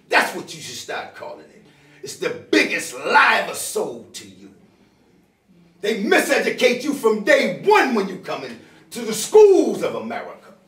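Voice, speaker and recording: An older man speaks to a crowd with fiery emotion and a high, lively voice that rises and falls a great deal. He calls out to the people in the room, at times loud and at times low. He sounds far from the mic in an echoey room. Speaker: audience member at a community town hall. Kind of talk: impassioned public speech. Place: bookstore meeting room.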